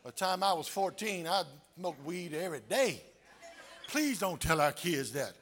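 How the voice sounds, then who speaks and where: A man preaching a sermon as pastor, telling folksy stories with laughter and rising to shouts. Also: high-pitched, expressive, normal speed, a little hiss or hum.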